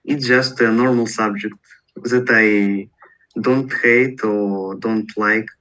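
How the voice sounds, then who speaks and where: Man, student, hesitant, very slow, brief answers. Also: fairly low pitch, steady tone, bright, forceful tone, poor audio.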